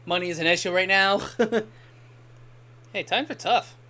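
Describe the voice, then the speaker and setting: This young man's voice sits high and has a sharp tone, and he speaks a little slowly. He's chatting casually while streaming a game, rambling through stories and swearing every so often.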